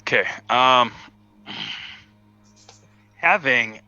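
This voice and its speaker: A man playing a tabletop game who asks slow, hesitant questions. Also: mid-range voice, bright, forceful tone, clear, resonant tone, no room sound, faint music behind. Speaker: player. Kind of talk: casual game talk. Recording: dull dry lo-fi mic.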